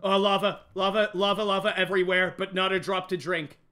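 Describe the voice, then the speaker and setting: A young man streaming a game live, jumpy and excitable, talking straight to his chat. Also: high-pitched, a little fast. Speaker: gaming livestreamer. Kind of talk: live let's-play commentary.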